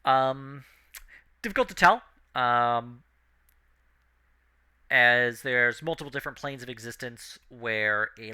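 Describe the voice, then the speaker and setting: A man running a tabletop game, steadily describing scenes with the odd "um" along the way. His voice is very bright and crisp, and it cuts clean through the narration. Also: medium pitch. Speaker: game master.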